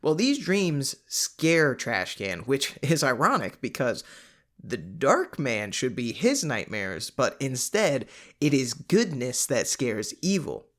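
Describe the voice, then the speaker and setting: Male podcast host, mid-range voice, relaxed book-recap delivery with fillers. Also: medium pitch, takes it slowly. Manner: conversational, animated asides, frequent fillers.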